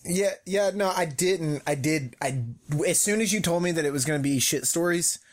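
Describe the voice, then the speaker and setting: A young man with a fairly high voice co-hosts a podcast, speaking at a normal pace. In this casual chat he tells prank stories, joking and rambling with plenty of ums.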